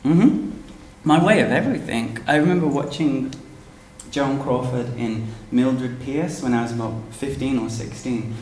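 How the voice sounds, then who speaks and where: Speaking a little slowly in a darkish, medium-pitched voice, this thirtysomething author guest is chatty and theatrical, laughing often. It's a book launch interview on stage at an event venue with an audience, recorded in a roomy hall with slight background noise.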